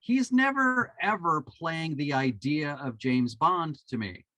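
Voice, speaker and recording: Male podcast co-host, animated and bright-toned, probing questions, dry close sound. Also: fairly high pitch, slow, no echo, low-quality recording. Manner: probing, keeps asking questions. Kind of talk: casual film discussion.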